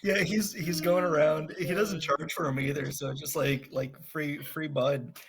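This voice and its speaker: A man's voice: fairly high pitch, fairly even intonation, a little slow, a crowd in the background. A man playing a tabletop role-playing game, chatting casually about his character and laughing often. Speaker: tabletop player voicing a hobbit character. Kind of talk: casual role-play chat.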